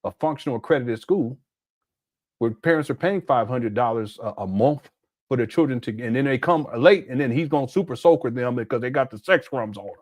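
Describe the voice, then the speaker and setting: A man's voice: mid-range voice, expressive, fairly quick, darkish tone, dry recording, clean studio sound. A middle-aged man from Southern California commenting on a video clip in a casual, incredulous, mocking way. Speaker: commentary channel host.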